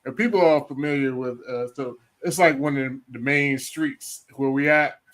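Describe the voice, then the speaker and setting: A man co-hosting a casual live chat show, telling animated stories and acting out other people's voices with lots of laughter. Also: mid-range voice, moderate pace. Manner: animated storyteller, acts out voices, laughs often. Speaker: co-host.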